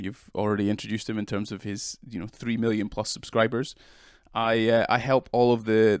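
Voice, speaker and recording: A British man being interviewed for a podcast, nursing a cold and stumbling through answers with frequent restarts and self-deprecating asides. His voice sits at an ordinary middle pitch, recorded dry with no room sound. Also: no echo. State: has a cold. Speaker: interview guest, videographer.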